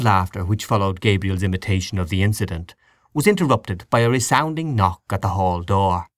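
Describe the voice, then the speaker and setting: A man reading a classic story aloud as audiobook narrator, measured and expressive. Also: low-pitched, no room sound, clean studio sound. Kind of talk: scripted narration.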